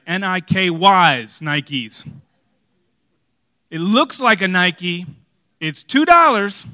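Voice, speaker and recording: Bright-voiced man preaching a dynamic sermon. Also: high-pitched, no room sound, clean studio sound. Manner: dynamic preaching, swings from loud emphasis to hushed asides; conversational, jokes and rhetorical questions. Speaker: pastor.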